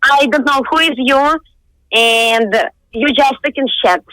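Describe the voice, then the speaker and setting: A woman's voice: high voice, unhurried, sharp tone, no echo. A young woman in her twenties with a Russian accent and Russian as her first language, speaking blunt, irritated broken English on a phone call. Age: 20s. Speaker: prank call target.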